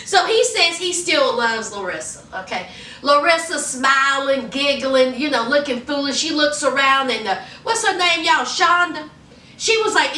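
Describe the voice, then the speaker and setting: A sassy young woman, gossiping in a chatty way. Her voice is high and piercingly bright. She is recorded in an echoey room, a little away from the mic. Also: expressive, measured pace, recorded from a distance. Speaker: YouTube recap host. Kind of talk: casual chatty recap. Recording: roomy echo, off-mic.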